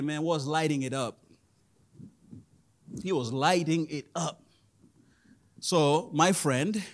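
Animated high-voiced preacher man. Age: 30s. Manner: animated preacher, laughing often, rising to loud emphasis. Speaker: pastor. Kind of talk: sermon. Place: church in Indonesia.

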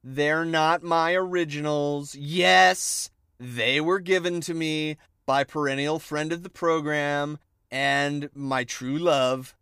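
A man's voice: a little high, fairly even intonation, slow pace, fairly bright tone, smooth, dry recording. A man co-hosting a podcast in casual banter, with dry, mock-serious jokes. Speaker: podcast co-host.

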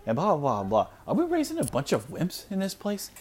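A man's voice: fairly high pitch, wildly swooping pitch, moderate pace, slightly rough. A man in his thirties hosting a solo podcast, ranting bluntly and with exasperation, with lots of "like" fillers, recorded at home with his small kids nearby. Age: 30s. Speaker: podcast host.

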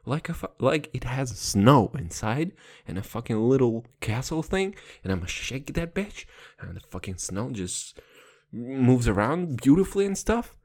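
Man, young adult, non-native English speaker, podcast host, crude comedic rant, very animated pitch, close mic. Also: unhurried. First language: not English. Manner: profane, rambling, playful, laughs a lot. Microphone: close podcast microphone.

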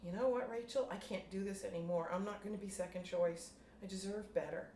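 A woman's voice: medium pitch, brisk, warm tone, slight background noise, pitched above the performer's own voice, natural voice. Woman reading as a hurt young girl. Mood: pleading. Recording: roomy room, distant mic.

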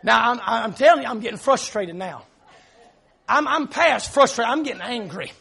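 A male pastor telling a story in an emphatic sermon, often shouting and laughing as he preaches. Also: very high-pitched, lively intonation, moderate pace, gravelly, breathy edge.

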